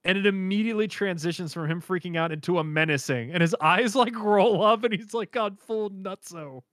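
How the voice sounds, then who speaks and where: A man co-hosting a casual chat, animated and laughing often as he acts out characters' lines. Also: high voice, brisk, no echo, clean studio sound. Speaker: podcast co-host reacting to an anime episode.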